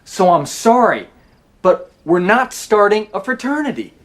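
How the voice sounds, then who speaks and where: A man's voice: high-pitched, very animated, a little slow, fairly bright tone, heavily acted. An actor playing a weary, exasperated man who refuses to start a fraternity. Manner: exasperated, firm. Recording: film clip, distant from the mic.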